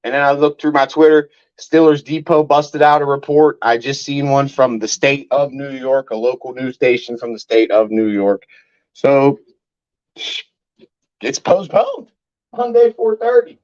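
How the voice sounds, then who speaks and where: A man's voice: medium pitch, measured pace, darkish tone, highs cut off. Fired-up man ranting. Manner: angry, profane ranting. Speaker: sports fan streamer. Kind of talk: live-streamed rant.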